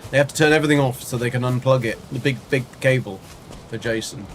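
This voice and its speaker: A man's voice: medium pitch, fast talker, a little hiss or hum. A man chatting casually while livestreaming a game, rambling and answering his chat as he plays. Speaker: game streamer. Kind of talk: casual live gameplay chat.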